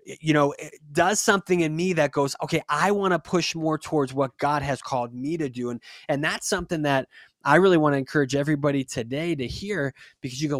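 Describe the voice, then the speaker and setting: A man's voice: a little high, a little fast, dry recording, clean studio sound. A young man hosting a faith podcast, talking in an earnest, encouraging, preachy way, with frequent restarts. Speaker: podcast host. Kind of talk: casual faith podcast talk.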